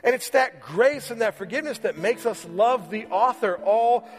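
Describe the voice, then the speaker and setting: High-voiced preacher in a reverberant church. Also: male voice, lively intonation, soft background music. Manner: conversational, repeats phrases for emphasis, slows on key words. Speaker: pastor. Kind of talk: sermon. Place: church sanctuary.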